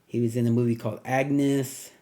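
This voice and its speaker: A man's voice: mid-range voice, little pitch movement, moderate pace, dark tone. A man talking casually on his own as a movie reviewer, rambling and thinking aloud with plenty of ums and asides.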